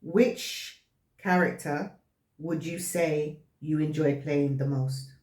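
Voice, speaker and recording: A woman co-hosting a casual chat, relaxed, asking questions and giving short replies. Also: low-pitched, slow pace. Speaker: podcast co-host and actress. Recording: echoey room.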